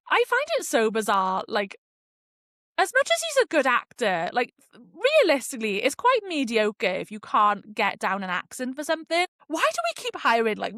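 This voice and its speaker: A woman's voice: a little high, fairly bright tone, no room sound, clean studio sound. A woman hosting a podcast, chatting casually and expressively, with slang and swearing. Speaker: podcast host. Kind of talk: casual chat review.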